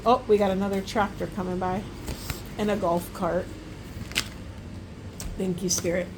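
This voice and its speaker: A woman's voice: mid-range voice, fairly even intonation, unhurried, long pauses, background noise. Earnest woman giving an oracle reading. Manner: earnest, affirming, rambling with restarts. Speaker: oracle card reader. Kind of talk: spiritual card reading. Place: outdoors by the ocean.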